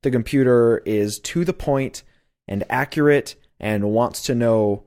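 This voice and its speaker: A man's voice: mid-range voice, a little slow, a little mellow. Man, podcast co-host, casual film chat, dry humor, short replies. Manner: dry, brief, mostly short agreements.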